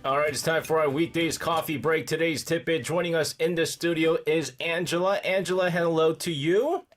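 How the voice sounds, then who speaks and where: A man's voice: a little high, fairly even intonation, moderate pace, soft background music. A man hosting a radio show in a studio, chatting casually, joking and laughing often at himself. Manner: jokey, laughs often, self-mocking. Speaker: radio host.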